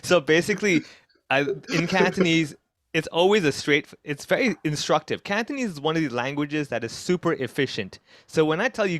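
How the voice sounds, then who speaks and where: A man in his thirties, a comedian giving lively conversational interview answers and acting out quoted voices. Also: brisk, dry recording. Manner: animated, acts out quoted voices with big pitch jumps. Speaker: comedian guest. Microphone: video call.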